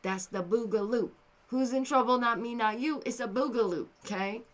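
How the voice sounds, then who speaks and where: A woman with a slightly high voice and moderate pace hosts a casual commentary video. Animated and exasperated, she swings from loud outbursts to quiet, somber asides.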